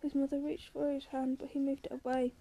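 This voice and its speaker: A woman reading a story aloud as narrator, quiet and measured. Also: high voice, level tone. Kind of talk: audiobook reading.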